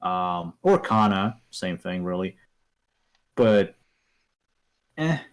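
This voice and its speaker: A man's voice: on the low side, big pitch swings, drawn-out words, gravelly. A man on a casual podcast chat, blunt and dismissive.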